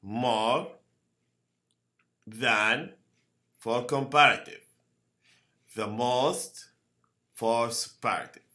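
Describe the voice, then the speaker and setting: A man teaching a grammar lesson. He speaks slowly, repeats each word and keeps asking "okay?". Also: mid-range voice, sharp tone. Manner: slow, repeats words and asks "okay?" often. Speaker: English teacher.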